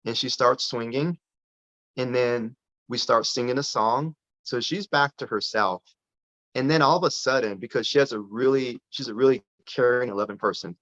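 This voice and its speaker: A man telling a personal story as a guest on a podcast interview, lively and full of restarts. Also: medium pitch, moderate pace. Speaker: podcast guest, parent advocate. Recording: dull lo-fi sound.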